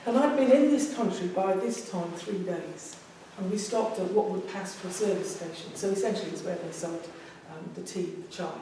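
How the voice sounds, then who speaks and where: An Englishwoman in her fifties tells a personal story in a speech to a public speaking club, emotional and often repeating phrases. Her lowish, mellow voice moves at a moderate pace with hardly any pauses. Recorded from a distance in a very echoey meeting room, with a little hiss or hum.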